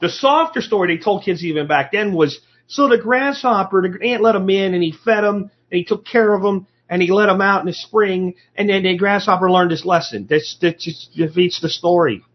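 A man's voice: sits high, normal speed, few pauses. A man hosting a show, telling a story in a folksy, blunt, salty way. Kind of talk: casual storytelling. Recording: dull lo-fi recording.

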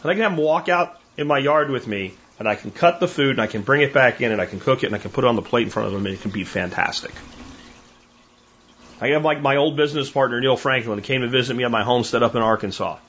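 A man's voice: mid-range voice, quick pace, slightly rough. A middle-aged man hosting a podcast, telling stories casually and acting out the voices of people he quotes. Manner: animated storyteller, acts out quoted voices. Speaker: podcast host. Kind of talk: casual monologue. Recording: dull lo-fi recording.

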